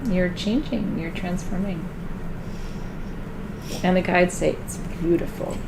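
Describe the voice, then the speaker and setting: A woman doing a live tarot card reading in a chatty way, laughing often and getting loud when she jokes. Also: on the low side, slow, noisy background.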